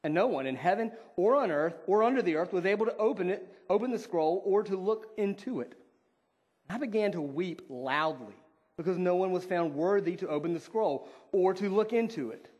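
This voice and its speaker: Male pastor, somewhat high voice, earnest conversational sermon, slow deliberate scripture reading. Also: expressive, a little mellow, muffled recording. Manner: earnest, conversational preaching with fillers.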